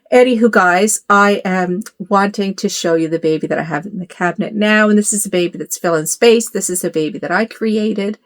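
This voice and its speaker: Speaking a little fast at medium pitch with hardly a pause, a middle-aged woman who vlogs about doll collecting talks casually into her phone camera. She rambles from her bedroom at home, sprinkling in fillers and side remarks.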